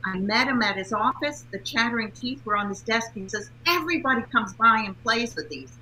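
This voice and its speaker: A woman's voice: a little high, animated, a little fast, pushed and bright, slight background noise, rough recording. A woman, a guest speaker and author, telling upbeat anecdotes in a casual interview.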